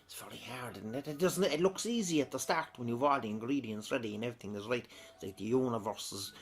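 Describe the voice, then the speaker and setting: A man's voice: mid-range voice, quick pace. An Irish man reading out viewer comments in a chatty, rambling way, often breaking into laughter. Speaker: comedic vlogger.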